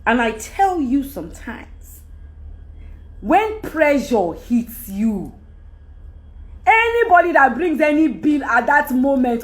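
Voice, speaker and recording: Addressing her followers in a frank, meandering monologue, a middle-aged Nigerian woman of celebrity status speaks emphatically, with a Nigerian accent and stretches of Yoruba. Her voice is high and sing-song, and she talks a little slowly.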